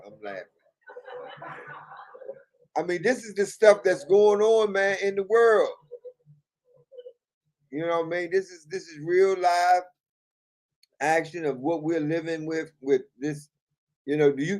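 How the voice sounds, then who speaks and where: Slow-talking amused male stream host. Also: high voice, a little mellow. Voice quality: laughs often while talking, repeats phrases. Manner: loose, amused, chatty. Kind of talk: casual commentary on viral clips.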